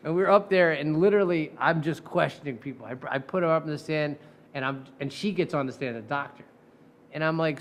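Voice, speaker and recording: A man with a high voice recounts a case as a lawyer in easygoing podcast talk. He swears often and slips into the voices of the people in his story, keeping an animated, lively delivery throughout. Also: a little fast. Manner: animated, profane, acts out quoted voices. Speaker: defense lawyer telling a courtroom story.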